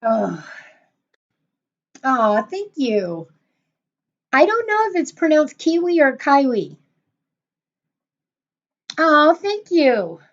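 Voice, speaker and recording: Casting: middle-aged woman host, higher voice, gushing and chatty, lo-fi stream audio. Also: sing-song, drawn-out words, pauses often. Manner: gushing, effusive greetings, repeats herself. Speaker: channel host on a livestream. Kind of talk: casual livestream chat greeting viewers.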